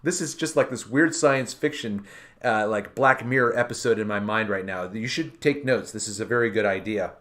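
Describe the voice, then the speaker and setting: Rambling man thinking out loud. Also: fairly low pitch, normal speed. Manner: rambling, thinks aloud with restarts. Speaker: podcast host. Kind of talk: casual chat.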